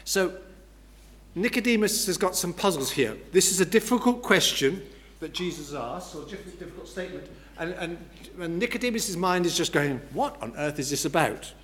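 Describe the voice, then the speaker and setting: A man's voice: high-pitched, animated, normal speed, a bit bright. A man preaching an expository sermon who explains step by step and repeats key words for emphasis.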